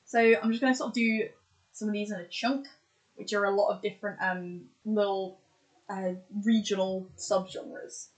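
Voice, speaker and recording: A woman's voice: mid-range voice, steady tone, moderate pace, poor audio. A woman in casual podcast chat, running through examples with lots of fillers and restarts. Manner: chatty, lists examples with many fillers and restarts. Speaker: podcast co-host.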